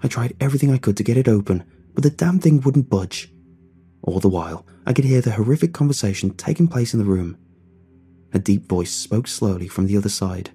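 A man tells a first-person horror story with a dark, husky voice pitched somewhat low. His delivery is steady and dramatic, and faint music runs underneath. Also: fairly quick. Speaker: narrator.

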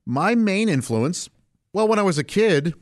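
A middle-aged man, a stand-up comedian, giving a casual interview answer in a laid-back, unhurried way and chuckling often. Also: sits high, sing-song, no room sound, clean studio sound.

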